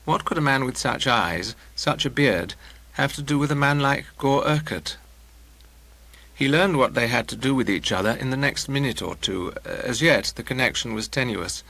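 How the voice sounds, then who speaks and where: A man's voice: mid-range voice, animated, moderate pace, vocal fry, bright, forceful tone, rough recording. A man narrating a comic novel in an audiobook, with a wry, dry delivery.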